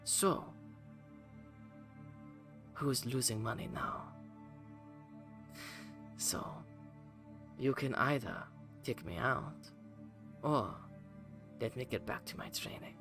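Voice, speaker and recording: A man voicing a haughty woman fighter who speaks calmly and coldly threatens. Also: mid-range voice, gravelly, music in the background, lightly acted. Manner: calm, measured, coldly threatening.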